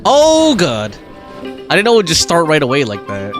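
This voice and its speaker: A man's voice: on the high side, sing-song, fairly quick, over music. A young man chatting casually on a game live stream, reading out chat messages and joking with viewers. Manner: chatty, reads chat aloud and jokes around.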